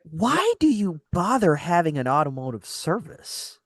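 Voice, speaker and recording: Male talk host, higher voice with big pitch swings, spins an exasperated story, plays every part himself, dry close mic. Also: unhurried, no echo. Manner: animated, acts out other people's lines in the story; exasperated, laughs between lines. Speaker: radio host. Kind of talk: casual storytelling chat.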